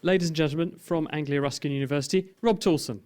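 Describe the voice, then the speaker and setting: A man hosting a live science radio show at a science centre, steering the guest with brisk, guiding questions. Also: fairly high pitch, heavy background noise. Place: science centre event room.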